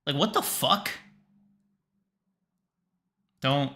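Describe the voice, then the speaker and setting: A man's voice: on the high side, lively intonation, moderate pace, pushed and bright. A young man co-hosting a casual podcast livestream, exasperated and swearing often as he protests. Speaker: podcast co-host.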